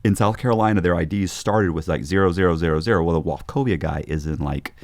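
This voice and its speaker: A man with a lowish voice rattles through a story at a quick clip. He sounds animated and casual, slipping into other people's voices as he goes. The recording is dry and close. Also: no echo. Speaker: podcast guest.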